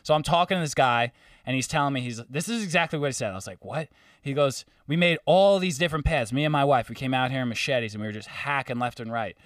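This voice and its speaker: A man telling a long story in casual podcast chat, animated, swearing and mimicking the people he met. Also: medium pitch, fast talker, dry recording, studio quality, recorded from a distance.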